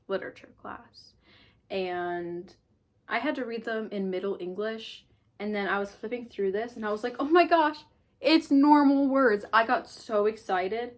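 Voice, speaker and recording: Young woman vlogging a book haul, chatty and rambly, tons of likes and ums. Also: medium pitch. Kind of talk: casual book haul chat.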